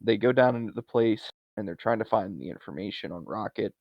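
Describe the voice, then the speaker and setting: A man co-hosting a podcast, casually recapping a movie scene by scene with quick asides. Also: on the low side, vocal fry, no room sound. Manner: animated retelling, laughs often, quick asides. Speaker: podcast co-host. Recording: dry, dull lo-fi sound.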